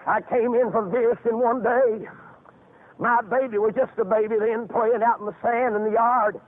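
An older man preaching a revival sermon, telling stories and rising into fervent shouts with drawn-out phrases. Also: extremely high pitch, steady tone, slight background noise. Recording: phone-like, narrow band.

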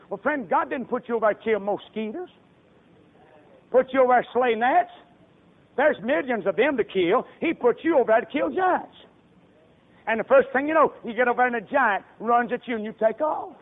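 A man's voice: very high voice, lively intonation, brisk. A man preaching a sermon in a folksy way, acting out the voices of people in his stories. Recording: tinny phone-like radio broadcast.

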